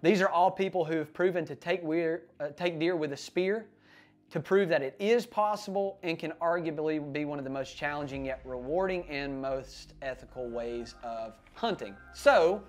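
A young man, hosting a casual hunting vlog and telling a rambling, excited story full of fillers. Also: a little high, normal speed. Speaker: hunting channel host.

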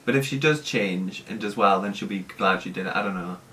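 A man hosting a casual reaction chat, chatty and excitable, swearing freely. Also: lowish voice, fairly quick, a little hiss or hum. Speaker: host.

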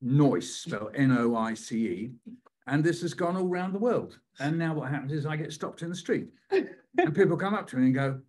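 An older man, a poet, telling stories and performing a poem with dramatic pauses. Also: a little high, animated, darkish tone. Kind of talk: storytelling on a live online session.

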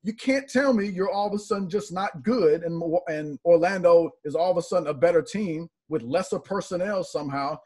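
A man's voice: sits high, a little fast, few pauses, dark tone, breathy edge. A man co-hosting a sports chat, earnestly and with exasperation critiquing a team's play. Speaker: podcast co-host. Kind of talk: casual sports analysis.

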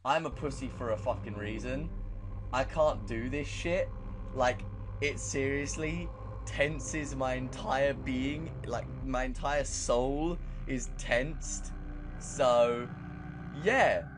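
A man's voice: medium pitch, slow pace, noisy background. A man hosting a horror game let's play, talking nervously, swearing a lot and mocking himself. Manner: nervous, profane, self-mocking. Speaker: gaming channel host.

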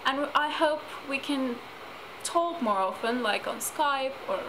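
A woman's voice: sits high, lively intonation, slow pace. A teenage girl chatting casually in a home vlog, giggling often. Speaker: vlogger. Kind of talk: casual chat. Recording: noisy home video.

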